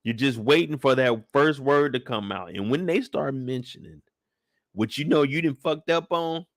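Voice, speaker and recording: A man hosting a casual live chat, telling the story in an animated way with plenty of cursing. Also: medium pitch, normal speed, dry recording, studio quality. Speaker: show host recapping a TV episode.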